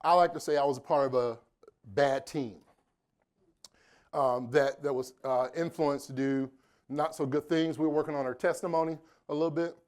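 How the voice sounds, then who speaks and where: A man's voice: on the high side, steady tone, normal speed, darkish tone. Joking man working a live room. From Indianapolis, United States. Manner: joking, chatty, playful with the audience. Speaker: keynote speaker. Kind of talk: live motivational keynote talk. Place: conference room before a live audience.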